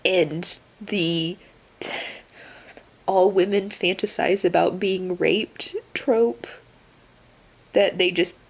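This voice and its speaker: A woman's voice: lowish voice, fairly even intonation, drawn-out words, long pauses. A woman book vlogger talking in a casual reading vlog, incredulous and swearing, breaking into laughter often.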